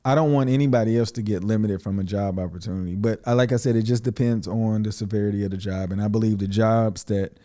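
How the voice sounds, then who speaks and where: A man's voice: on the low side, steady tone, fast, hardly any pauses, mellow. A man co-hosting a podcast, speaking hesitantly, questioning points and trailing off in a casual debate.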